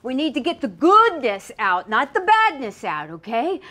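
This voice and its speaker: A woman's voice: high voice, big pitch swings, moderate pace. A middle-aged woman playing along as a mother, scolding theatrically and laughing as she talks. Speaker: visiting mother. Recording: loud background noise.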